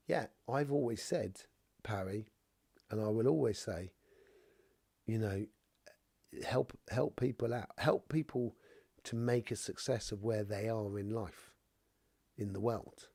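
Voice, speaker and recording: A man's voice: on the low side, unhurried, pauses often, warm tone, slightly rough, no room sound. A middle-aged man with a cough and a stuffy nose, rambling casually through a live stream as he reads viewer comments. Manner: rambling, full of "you know" asides. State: has a cough and blocked nose. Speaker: spiritual reader hosting a live stream.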